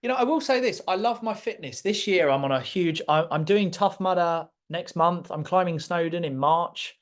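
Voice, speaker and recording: A man gives a motivational masterclass, pressing each point hard and repeating lines for effect. His voice sits a little high for a man. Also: normal speed. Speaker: speaker.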